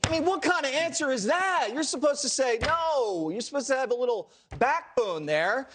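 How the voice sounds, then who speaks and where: A man's voice: extremely high pitch, lively intonation, moderate pace, hardly any pauses, fairly bright tone, a little hiss or hum. A man co-hosting a TV panel show, talking in a sarcastic, mocking way. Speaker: panel co-host. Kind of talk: opinionated panel talk. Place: TV studio.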